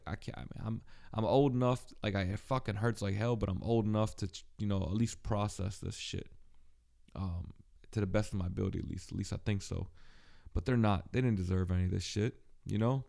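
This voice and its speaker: A man hosting a podcast, talking alone in a halting, profane, emotionally raw way, with many restarts and fillers. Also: lowish voice, vocal fry, darkish tone. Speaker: podcast host. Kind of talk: personal solo monologue.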